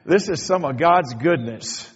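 A Kentucky pastor preaches a sermon in a church sanctuary, his highish voice expressive, unhurried, and edged with breath. He's folksy, telling stories and tossing playful asides to the congregation, while the lo-fi recording sounds dull and echoes long through the reverberant hall.

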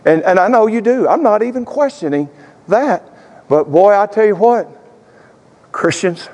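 A pastor from Tennessee, preaching a sermon in a church sanctuary. He mixes folksy asides with fervent, shouted prayer. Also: high-pitched, lively intonation, moderate pace, long pauses. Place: church sanctuary with stage lights. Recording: long reverb of a large sanctuary.

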